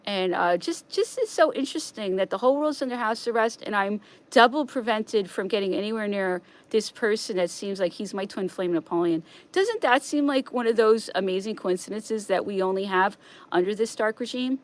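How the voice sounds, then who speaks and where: A woman talks alone to her stream in a rambling monologue, her voice sitting at an ordinary middle pitch. She circles back over the same points, pushes up louder when she gets worked up, then drops to a hushed, subdued murmur. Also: normal speed. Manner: agitated, repetitive, swings from loud to hushed.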